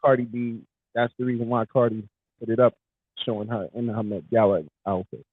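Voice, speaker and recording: A man's voice: medium pitch, flat delivery, fairly quick, slightly rough, dry recording. A man co-hosting a casual podcast chat, talking in a hyped, emphatic way. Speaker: podcast co-host. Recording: tinny phone-like sound.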